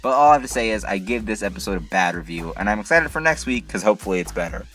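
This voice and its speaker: A man's voice: lowish voice, lively intonation, rapid-fire, fairly bright tone, faint music behind. A man hosting his own video review channel, complaining in an exasperated, incredulous way with many rhetorical questions. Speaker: TV episode reviewer, channel host. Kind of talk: casual ranting review.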